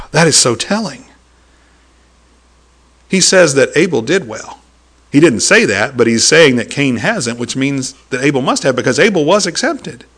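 A middle-aged man preaching a sermon, animated and storytelling, acting out quoted voices and laughing often. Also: mid-range voice, measured pace, pauses often.

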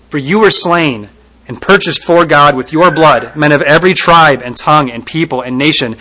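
Bright-voiced man preaching with vivid imagery. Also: a little high, moderate pace, poor audio. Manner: vivid imaginative retelling, rising to loud emphasis. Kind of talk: sermon.

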